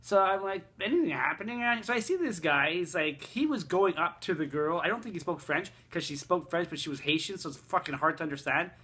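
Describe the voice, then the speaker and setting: A vlogger telling a rambling, profane, exasperated travel story. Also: male voice, on the high side, expressive, a little fast, few pauses, bright, forceful tone, slightly rough. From Quebec, Canada. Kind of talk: casual storytelling rant.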